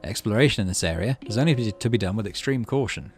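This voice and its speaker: A man's voice: on the low side, expressive, quick pace, soft background music. A man hosting a game playthrough, reading the game's text aloud and thinking through choices. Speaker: gaming channel host.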